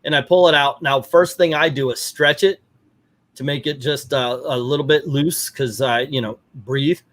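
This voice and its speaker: A middle-aged man hosting a casual chat, telling stories with lively acted-out quotes. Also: fairly high pitch, moderate pace. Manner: animated storyteller, acts out quotes. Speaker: podcast host.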